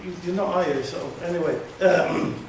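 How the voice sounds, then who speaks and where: A man's voice: sits high, normal speed, slight background noise. Older man singing comic verse. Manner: half-sung comic verse with dry chatty asides. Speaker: performance poet. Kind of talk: comic songs and verse performed live. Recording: echoey room recorded from far off.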